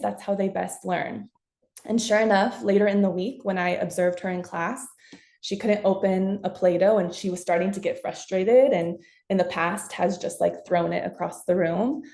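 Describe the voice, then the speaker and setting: A woman leads a parent webinar in a casual, conversational manner. Her voice is soft and mellow, never sharp. The sound is roomy and echoey, as from a computer mic on a video call. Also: mid-range voice. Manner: casual and chatty, acts out example self-talk. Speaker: parent workshop presenter who works with young children. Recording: echoey room.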